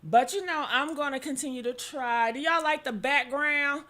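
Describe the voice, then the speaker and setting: Woman host, casual gossip stream, high and bright, exclamatory, lots of "honey" and "okay?", sudden whoops. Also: moderate pace. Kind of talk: casual livestream gossip chat.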